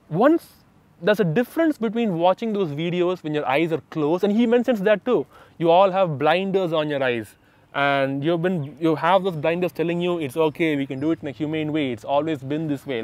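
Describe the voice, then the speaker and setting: A man's voice: fairly high pitch, dry recording. A young man telling a personal story in a casual, emphatic way, often acting out the voices of others. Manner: animated, emphatic, acts out quoted voices. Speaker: vlogger telling his story.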